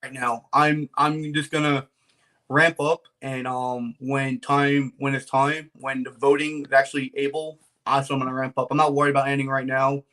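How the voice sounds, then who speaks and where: A man guesting on a casual podcast, talking about his breeding plans in a relaxed, rambling way with lots of fillers and laughs. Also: medium pitch, normal speed. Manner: laid-back, laughs often, many fillers.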